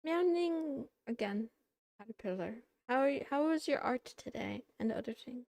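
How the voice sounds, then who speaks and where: A woman streamer chatting casually with her viewers in a soft, playful, giggly way. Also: on the high side, lively intonation, brisk, gravelly, no room sound.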